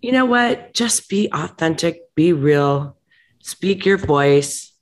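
A woman's voice: low voice, animated, slow. A woman who owns a restaurant, talking bluntly and emphatically as a guest in a candid interview. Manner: blunt, emphatic, gets heated and laughs it off. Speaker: restaurant owner, podcast guest.

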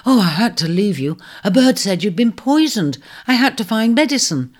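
A woman's voice: mid-range voice, big pitch swings, voice pushed up. A woman voicing a boastful, touchy young male ram adventurer in a storybook reading. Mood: apologetic. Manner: defensive, quick to bristle.

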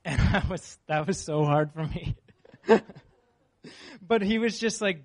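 A man preaching a sermon, reading scripture and then telling a personal story in an earnest, animated way. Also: high-pitched, slow pace.

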